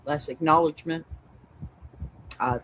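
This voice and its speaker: A woman's voice: deep voice, fairly even intonation, a little slow, slight background noise, poor audio. A woman hosting a livestream advice show, giving sassy, emphatic commentary in a colloquial way.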